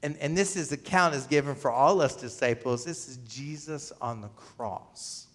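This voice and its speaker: A man's voice: medium pitch, moderate pace, a bit bright. A man preaching a sermon as pastor. He asks the congregation questions, waits for their answers, and often repeats his words or restarts a phrase. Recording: long reverb of a large hall.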